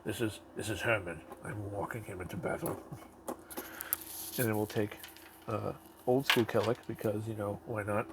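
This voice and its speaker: A man's voice: lowish voice, fairly even intonation, normal speed, background noise. A man hosting a casual toy review, rambling offhand and swearing now and then.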